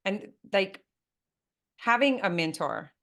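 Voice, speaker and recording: A woman's voice: mid-range voice, slow pace. A woman hosting a business interview, speaking emphatically and turning to address the listeners as a coach. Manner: animated, emphatic, talks directly to listeners. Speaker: business coach and podcast host.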